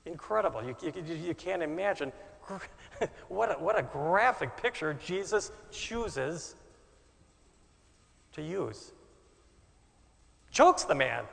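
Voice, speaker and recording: A man preaching a sermon with a dramatic delivery, swinging from loud bursts to soft asides. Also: high voice, creaky, in a large hall.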